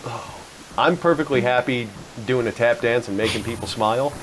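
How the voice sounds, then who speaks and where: A man hosting a podcast, telling stories in a relaxed, joking way and poking fun at himself. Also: mid-range voice, moderate pace, a little hiss or hum, rough recording. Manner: chatty storyteller, jokes about himself. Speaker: podcast host. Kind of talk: casual chat.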